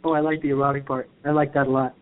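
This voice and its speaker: A man's voice: mid-range voice, flat delivery, very fast. A man in his fifties from the USA, co-hosting a casual chat, playful and chatty with easy laughs. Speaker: co-host, actor. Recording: tinny phone line.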